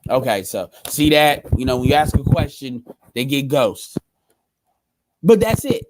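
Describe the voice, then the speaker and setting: A man's voice: medium pitch, very animated, a little slow, noisy background. A man hosting a casual livestream, talking bluntly with lots of profanity and repeating his points. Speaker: livestream host.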